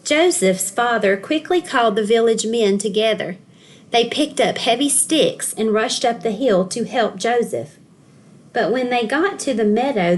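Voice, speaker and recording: A woman reads a children's storybook aloud in a clear, fairly high voice. She tells it expressively and at an easy pace, as a school counselor would for young listeners. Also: a little mellow.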